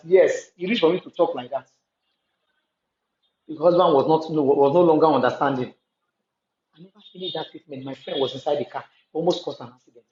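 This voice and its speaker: Her voice sits low with a darkish tone, and she speaks with a Nigerian accent. Chatty and emphatic, she tells stories at length in a casual monologue, repeating things to drive them home. It sounds echoey and slightly dull, recorded in a room.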